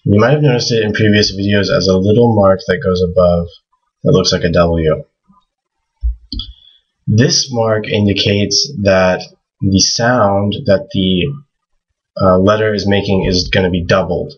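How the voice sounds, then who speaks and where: A man giving a casual language lesson, thinking aloud and slowly repeating words to model their pronunciation. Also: low voice, fairly even intonation, husky, muffled recording. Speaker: language teacher.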